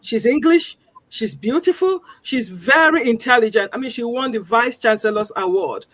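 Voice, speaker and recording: A woman's voice: fairly high pitch, animated, normal speed, fairly bright tone, no room sound. A woman speaking as a guest campaigner, earnest and persuasive, stressing her points and repeating them. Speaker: guest campaigner on accent discrimination. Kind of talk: earnest studio talk. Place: lives in northern England.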